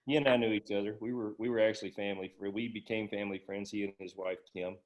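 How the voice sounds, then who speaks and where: A middle-aged man, a guest on a podcast, telling school anecdotes in a relaxed, casual way. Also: lowish voice, fast, muffled recording. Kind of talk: casual interview chat.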